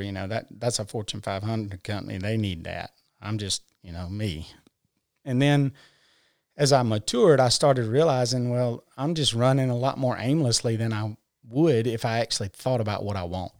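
A man's voice: medium pitch, no echo, clean studio sound. A man talking in a casual conversation, explaining his ideas earnestly, step by step, with everyday examples. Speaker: podcast guest. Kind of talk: casual conversation about personal growth.

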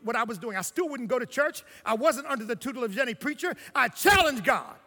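High-voiced older man preaching in a hall. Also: lively intonation, fast talker, hardly any pauses. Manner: storytelling, swinging between hushed and shouted. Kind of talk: sermon.

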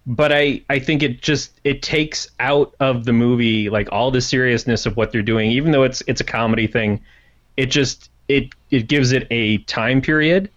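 A man's voice: mid-range voice, fairly even intonation, moderate pace, fairly bright tone, lo-fi sound. A man hosting a casual movie talk, cracking dry jokes and restarting his sentences. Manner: dry wisecracks, hesitant restarts. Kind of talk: casual chat.

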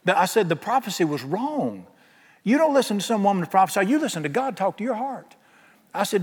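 A man's voice: high voice, animated, fast talker, slightly rough. A man preaching a sermon, telling folksy stories and acting out the dialogue himself. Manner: folksy storytelling, acts out quoted dialogue. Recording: long hall reverb.

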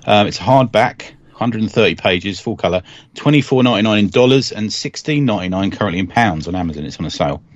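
A man with a fairly low voice, chatting casually as a podcast co-host. He recaps with deadpan humour and throwaway asides. The sound is dry and a little dull, as if from a basic mic. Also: quick pace, no echo. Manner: deadpan storytelling with comic asides. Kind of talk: casual comics podcast chat.

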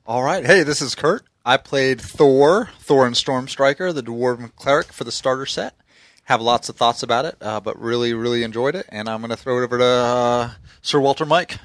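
A man introducing himself as a player on a tabletop game podcast, easygoing and relaxed. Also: mid-range voice, normal speed, dry recording. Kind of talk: casual podcast chat.

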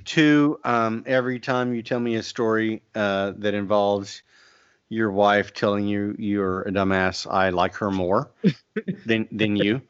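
A man's voice: on the low side, fairly even intonation, slow pace, clean tone, no room sound, highs cut off. A man in casual chat who teases his co-host dryly. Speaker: podcast co-host.

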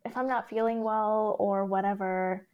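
A woman's voice: mid-range voice, steady tone, normal speed, muffled recording. Earnest woman guest on a podcast. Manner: earnest, reflective, filler-heavy. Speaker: podcast guest and career coach. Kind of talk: casual conversational interview.

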